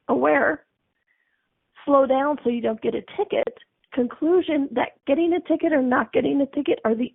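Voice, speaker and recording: High, husky woman host on a tinny line. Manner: chatty, with frequent "okay?" check-ins. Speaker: radio show host. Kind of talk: spiritual self-help talk. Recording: phone-like radio broadcast.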